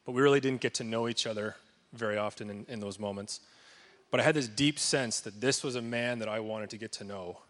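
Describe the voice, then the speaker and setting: At a church service, a man addresses the congregation to thank their departing pastor, then reads scripture as a blessing. He speaks earnestly and reverently with a few pauses and restarts, in a voice on the low side with a fairly bright tone.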